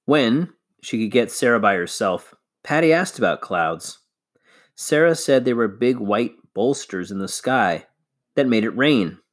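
Man reader, children's novel, expressive, mid pitch, animated intonation. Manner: measured, expressive storytelling. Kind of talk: reading a children's novel aloud.

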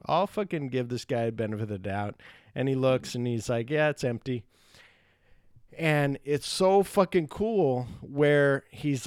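A man co-hosting a podcast, casually recapping movie scenes with lots of swearing and quick impressions of the characters. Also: medium pitch, dry recording, studio quality. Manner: profane, animated retelling of scenes. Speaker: podcast co-host.

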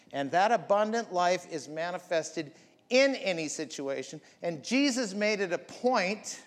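A pastor with a high, somewhat bright voice builds his sermon through emphatic repeated lines, his repetition rising as he goes. The recording has long hall reverb.

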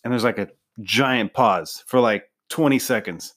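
A man's voice: lowish voice, unhurried. A man hosting a podcast, chatting casually and acting out quoted lines as he retells scenes. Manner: animated retelling, acts out quotes. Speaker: podcast host. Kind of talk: casual chat.

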